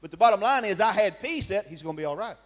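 A male preacher, speaking in a voice pitched high for a man. He preaches emphatically in church and keeps asking his congregation questions. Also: animated, quick pace. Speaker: pastor. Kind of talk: sermon.

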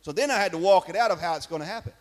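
A pastor delivers an emphatic, rapid-fire sermon in church, repeatedly putting questions to his congregation. His voice is pitched high for a man.

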